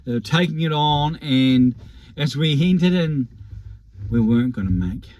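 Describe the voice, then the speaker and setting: A man's voice: on the high side, expressive, measured pace, a little mellow, a little hiss or hum. A man, wryly reminiscing about rugby in a rambling, self-deprecating monologue. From New Zealand. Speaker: rugby vlogger.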